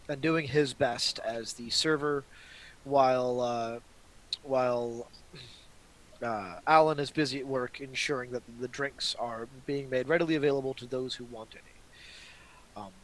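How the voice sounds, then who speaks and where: A man running a tabletop role-playing game, narrating in a relaxed, halting way with frequent pauses and restarts. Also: medium pitch, rough recording. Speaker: game master.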